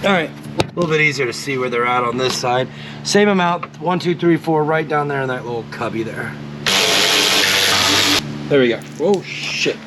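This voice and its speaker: A man's voice: medium pitch, moderate pace, pauses often, background noise. A man hosting a casual DIY car repair walkthrough. He is laid-back, swears now and then, and explains each step.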